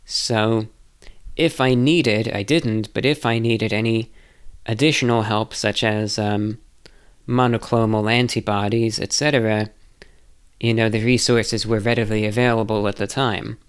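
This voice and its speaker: A man's voice: on the low side, fairly even intonation, a little slow, smooth. A man answering viewer questions in a casual, rambling monologue, hesitant and self-reflective.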